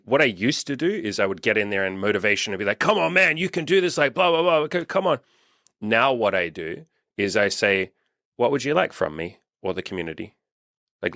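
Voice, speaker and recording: This dating coach and channel host is a young man speaking bluntly, with plenty of swearing, in a relaxed podcast conversation, and he acts out quotes in a louder voice. His pitch is on the low side, with vocal fry and a fairly bright tone. Sound is dry, studio-grade.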